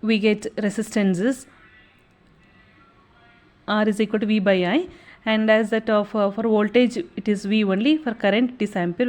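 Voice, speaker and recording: A woman's voice: mid-range voice, darkish tone. A young woman teaching an exam revision lesson, explaining step by step and checking in with a frequent "okay".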